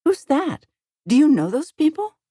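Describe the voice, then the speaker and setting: A woman voicing an eager, brash female newspaper reporter in an audiobook, her speech excited and keen. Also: sits high, normal speed, dry recording, clean studio sound, pitched above the performer's own voice. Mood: curious. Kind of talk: audiobook character voice.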